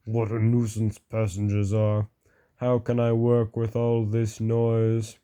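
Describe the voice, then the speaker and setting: A man reading aloud, voicing a portly male railway boss who speaks slowly and severely. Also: fairly low pitch, monotone, mellow, clean tone. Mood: stern. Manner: slow, severe and measured.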